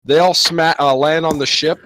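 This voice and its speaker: A man's voice: fairly high pitch, fairly even intonation, normal speed, a bit bright, no room sound. A young man narrating a tabletop game as game master, describing scenes in a rambling way with restarts.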